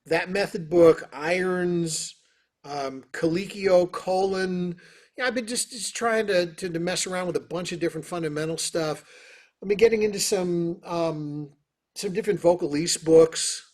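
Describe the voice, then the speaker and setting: A man, a guest on an interview, telling stories and answering questions in an animated, casual way over a video call. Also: high voice, moderate pace. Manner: animated, lots of fillers. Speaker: orchestra trumpeter, interview guest. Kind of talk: casual storytelling.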